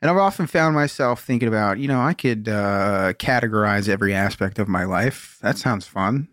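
A man's voice: lowish voice, fairly bright tone, no room sound, clean studio sound. Teasing, laughing podcast man. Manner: teasing, laughs often, halting. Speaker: podcast co-host. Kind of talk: casual chat.

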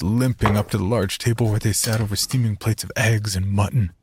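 A man narrating a horror story in a slow, grim first-person telling. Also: lowish voice, flat delivery, creaky, darkish tone.

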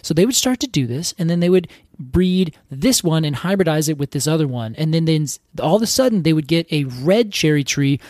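A man's voice: on the high side, lively intonation, fairly quick, darkish tone, dry recording, clean studio sound. A man co-hosting a podcast, telling stories in an enthusiastic, casual way with lots of "like" fillers. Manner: enthusiastic, storytelling, many "like" fillers. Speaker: podcast co-host. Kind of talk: casual chat.

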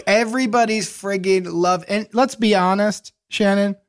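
A man's voice: high voice, fairly even intonation, moderate pace, clean tone, no room sound, clean studio sound. A man co-hosting a comedy advice podcast, questioning a caller in a leading, mock-serious way. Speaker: podcast co-host. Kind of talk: comedic casual chat.

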